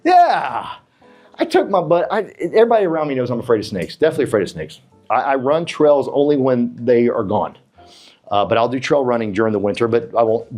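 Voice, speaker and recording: A middle-aged man giving a motivational talk to real estate agents, quizzing the crowd and telling stories. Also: medium pitch. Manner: animated, asks the crowd, tells stories with acted quotes. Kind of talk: motivational presentation to a live room.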